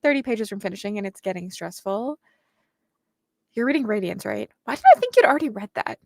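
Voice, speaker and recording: A young woman hosts a casual reading livestream. She reads viewer comments aloud and answers them in a chatty way. Her voice sits at a medium pitch and is recorded close and dry, with no room sound. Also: animated, a little fast, a little mellow, no echo. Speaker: booktuber host reading chat aloud.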